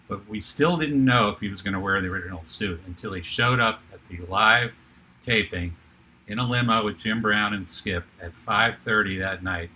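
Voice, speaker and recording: Older male TV producer as guest; low-ish, very bright voice, lively storyteller. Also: a little hiss or hum. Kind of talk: animated anecdotal storytelling.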